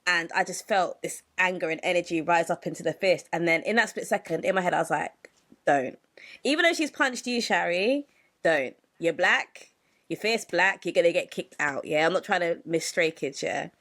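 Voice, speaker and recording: A young woman, co-hosting a podcast in casual chat and telling a story with lively acted-out quotes and frequent laughter. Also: on the low side, brisk. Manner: expressive storyteller, acts out quotes, laughs often. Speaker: podcast co-host.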